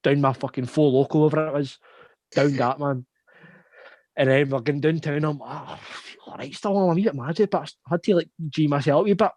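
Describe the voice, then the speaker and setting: A man's voice: a little high, fairly quick, a little mellow, no room sound. A young man with a Scottish accent, telling a long laughing anecdote in casual chat, swearing freely. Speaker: podcast host.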